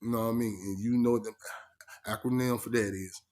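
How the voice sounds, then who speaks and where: A man's voice: mid-range voice, steady tone, brisk, darkish tone. A man telling a story in casual first person, emphatic and streetwise, often asking "you know what I mean". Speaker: vlogger.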